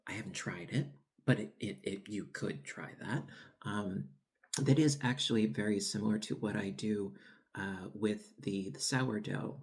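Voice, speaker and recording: Lowish and gravelly, the man's voice carries casual cooking-vlog talk on his home baking channel. He savors his bread while tasting it, rambling with many fillers and restarts.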